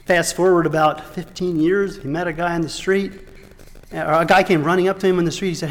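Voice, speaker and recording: A middle-aged man preaching a sermon, telling stories with emphatic peaks and soft asides. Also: sits high, moderate pace. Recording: long hall reverb.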